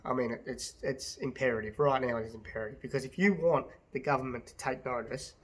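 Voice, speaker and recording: A man's voice: mid-range voice, fast, husky. An Australian man, a business owner, ranting to his phone camera in a passionate, blunt way, swearing and repeating himself. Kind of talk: casual to-camera rant.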